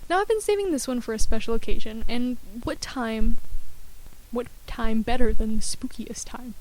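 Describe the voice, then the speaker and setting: A young woman reads entertainment news in a fairly high voice, breaking off into goofy jokes. A loud hiss sits under her voice throughout. She flubs lines and tries them again with playful asides. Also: normal speed. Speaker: student radio host.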